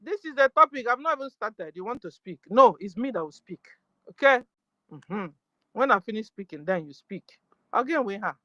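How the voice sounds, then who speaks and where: Forceful woman hosting a live audio room. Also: mid-range voice, expressive, moderate pace, no room sound, muffled recording. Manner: forceful, repeats "you understand?". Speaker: host of an online audio space. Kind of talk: casual live audio chat.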